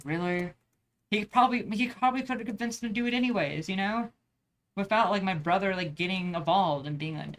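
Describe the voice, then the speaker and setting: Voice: mid-range voice, fairly bright tone. A young adult vlogger chatting casually while drawing, rambling with lots of swearing and restarts. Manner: rambling, profane, many restarts.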